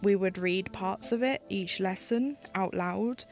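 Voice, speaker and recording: Chatty British woman with a gravelly voice. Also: mid-range voice, unhurried, soft background music. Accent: British English. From United Kingdom. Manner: chatty, rambling, with frequent "like" and restarts. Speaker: streamer. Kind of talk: casual chat while stitching on a live stream.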